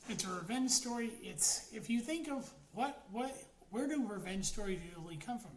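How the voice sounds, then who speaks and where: A woman talks through a film review in loose, excitable bursts, swearing freely and trailing off mid-thought. Her voice bounces around a roomy space with a faint hiss of background noise underneath. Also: medium pitch, normal speed. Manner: profane, rambling, excitable. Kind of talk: casual spoken movie review.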